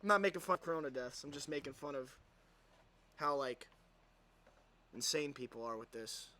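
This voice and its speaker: A man hosting a commentary show, mocking what he plays with loud outbursts and muttered asides. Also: mid-range voice, animated, moderate pace. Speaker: host. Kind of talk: sarcastic commentary vlog.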